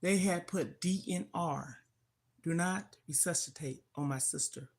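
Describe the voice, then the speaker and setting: Low-voiced older woman telling a grief story. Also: measured pace, husky. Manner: heartfelt, grieving, rising to indignant outbursts. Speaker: livestream host. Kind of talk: emotional personal storytelling on a livestream.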